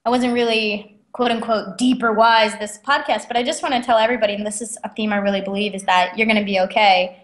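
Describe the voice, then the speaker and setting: A young adult woman, a guest author, telling stories in a chatty, animated way and laughing often. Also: medium pitch, fast talker, few pauses. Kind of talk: casual interview storytelling. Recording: roomy echo.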